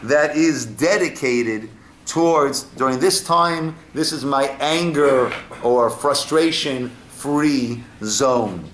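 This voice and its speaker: A rabbi from the US speaks slowly in a medium, slightly bright voice while teaching an informal Torah class. He tells stories and keeps asking "right?", captured in an echoey room with faint ambience and a little hiss or hum.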